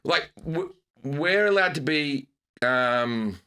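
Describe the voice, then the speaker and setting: A middle-aged man with a bright, forceful Australian voice, spinning stories in a relaxed interview chat. He is animated and keeps leaping into high, squeaky bursts to land the jokes. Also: slow pace, smooth. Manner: animated, jumps into bursts of high pitch for comic emphasis. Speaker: comedian guest. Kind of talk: casual storytelling chat.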